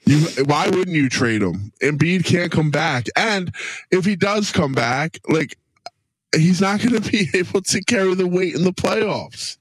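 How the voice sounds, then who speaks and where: A wheezing man with a glitchy low robotic distortion on his voice, ranting crudely on a casual sports podcast through a headset mic on an online call. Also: expressive, measured pace, no echo. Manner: crude, grumbling, ranting, profane. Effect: glitchy low robotic voice from computer. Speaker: podcast co-host.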